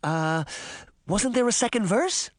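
A man voicing a quick-thinking, determined young girl in an audiobook, urgent and earnest. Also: high-pitched, animated, dry recording, studio quality, pitched above the performer's own voice. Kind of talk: audiobook character voice.

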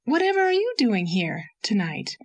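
A gentle, caring young woman, as a female narrator puts her on, speaking earnestly and soothingly in a voice raised above the narrator's usual one. Her audiobook lines are tender and sensible, with a lively lift in pitch. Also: moderate pace. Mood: concerned. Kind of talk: audiobook character voice.

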